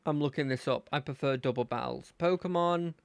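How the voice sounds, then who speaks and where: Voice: medium pitch, a little fast, creaky, clean tone, dry recording. A game streamer chatting casually and playfully while playing a fangame, thinking aloud. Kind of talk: casual gameplay commentary.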